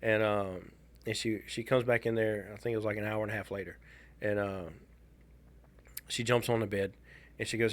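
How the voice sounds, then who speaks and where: A man, co-hosting a podcast and telling a personal story in a casual, halting, wry way. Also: on the low side, flat delivery. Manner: halting, restarts a lot, candid and wry. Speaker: podcast co-host.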